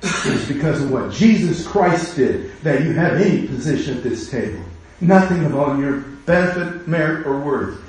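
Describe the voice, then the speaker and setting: A man's voice: fairly high pitch, expressive, moderate pace, few pauses, darkish tone. A man preaching a sermon as pastor, impassioned and full of rhetorical questions. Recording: very echoey room.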